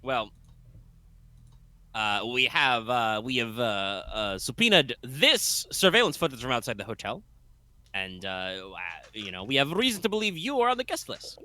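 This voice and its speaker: A man voicing a smug, sharp male lawyer who grills a witness with a put-on Spanish accent. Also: medium pitch, very animated, moderate pace, no echo. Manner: cocky, pithy courtroom grilling.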